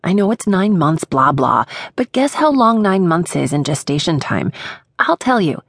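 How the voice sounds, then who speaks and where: A woman's voice: lowish voice, big pitch swings, moderate pace, dry recording, clean studio sound. A woman narrator voicing an exasperated, heavily pregnant young woman who rants in an audiobook. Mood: ranting. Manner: ranting, exasperated. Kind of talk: audiobook character voice.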